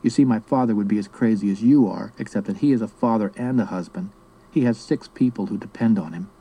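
Guy narrating a gruff little boy in a storybook, solemn and formal, super dark mellow tone. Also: lowish voice, fast, poor audio. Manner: serious, formal phrasing.

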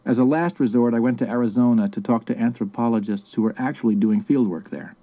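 A man giving a measured, reflective first-person audiobook narration. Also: medium pitch, dark tone, muffled recording.

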